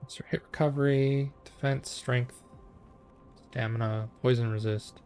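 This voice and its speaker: A man's voice: mid-range voice, fairly even intonation, a little slow, a little mellow, soft background music. A man streaming a game, chatting with viewers in a laid-back, casual way while he plays. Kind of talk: casual gameplay commentary.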